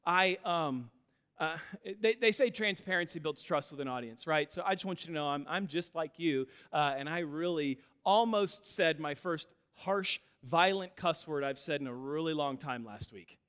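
High bright-voiced male pastor preaching. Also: moderate pace, smooth, long reverb tail. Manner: animated storytelling with self-deprecating humor. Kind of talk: sermon.

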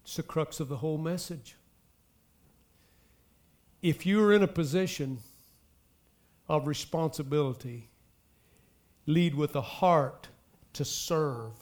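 Pastor guy preaching, slightly high voice, gets loud then drops quiet, talks right at the crowd. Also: takes it slowly, long pauses. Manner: preaching with emphatic swells and soft drops; addresses the congregation directly. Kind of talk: sermon.

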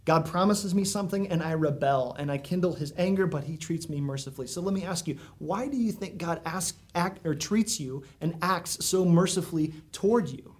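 A man preaching a sermon in an earnest, conversational way, with dramatic pauses and emphasis. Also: a little high. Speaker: pastor. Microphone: recorded for viewers at home.

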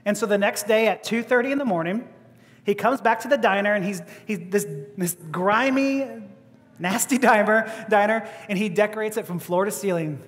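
A man preaching, telling a story with animated acted-out quotes and frequent stammering restarts. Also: high-pitched, moderate pace, big-room sound. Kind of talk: sermon storytelling.

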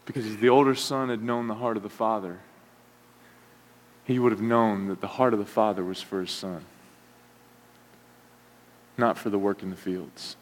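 A man preaching a sermon, retelling a story with lively asides and acting out the characters' complaints. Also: lowish voice, moderate pace, long pauses. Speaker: pastor. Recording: long hall reverb.

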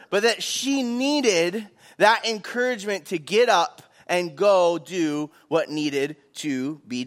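A young man, a pastor, telling a lively personal story in a sermon and acting out what was said. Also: sits high. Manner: animated, acts out quotes.

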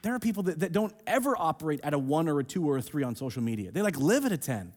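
A man preaching a sermon in a church, emphatic and swinging between hushed and loud. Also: a little high, very animated, rapid-fire. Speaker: pastor. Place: church sanctuary, streamed online.

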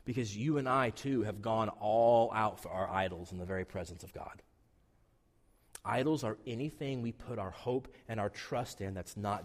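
A man's voice: medium pitch, moderate pace, big-room sound. A man in his forties preaching a sermon as a pastor, telling stories and acting out quotes. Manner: lively storytelling with acted-out quotes and asides. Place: church sanctuary.

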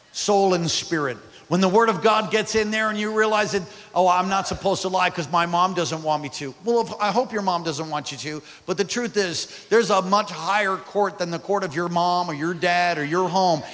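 A male pastor preaching a sermon, calling out to the congregation and swinging from quiet to loud. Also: sits high. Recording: hall reverb with faint music.

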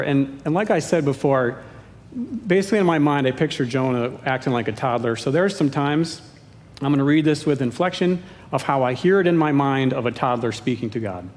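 A man preaching a sermon as pastor, with playful, self-deprecating humor. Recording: echoey hall with faint rumble.

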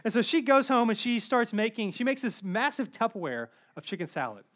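A man in his thirties preaching a sermon, telling funny stories in an animated, joking way. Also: very high voice, fairly quick. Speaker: pastor.

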